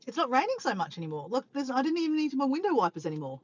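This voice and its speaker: A woman's voice: high voice, sing-song, rapid-fire, lo-fi sound. A woman chatting casually on a live stream from her car by the beach, reading viewer comments, laughing and teasing playfully.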